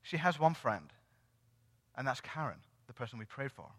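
A man telling a testimony from the pulpit as a sermon, animated and acting out the dialogue. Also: medium pitch, normal speed, husky. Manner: animated storyteller who acts out quoted dialogue. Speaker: church speaker sharing a testimony. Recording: long reverb of a large hall.

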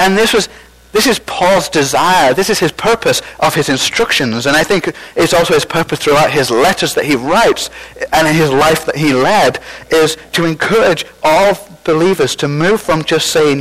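A man gives a sermon from the pulpit, his voice sitting a little higher than most men's. He talks in a loose, conversational way, pokes fun at himself and restarts his sentences. The sound comes through like a radio broadcast. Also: expressive, normal speed, fairly bright tone, rough recording. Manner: conversational, self-deprecating, with false starts. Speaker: pastor.

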